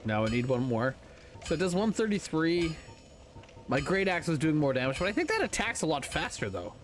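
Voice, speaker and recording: A man's voice: fairly high pitch, big pitch swings, fairly quick, soft background music. A man streaming a video game, thinking aloud and swearing casually as he plays. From North America. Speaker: gaming streamer. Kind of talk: casual gameplay commentary.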